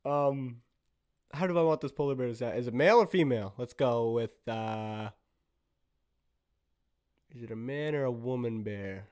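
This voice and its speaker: A man's voice: mid-range voice, normal speed, pauses often, darkish tone, clear, resonant tone. Giggly, self-conscious male podcast host. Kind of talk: solo podcast chat, improvising voices.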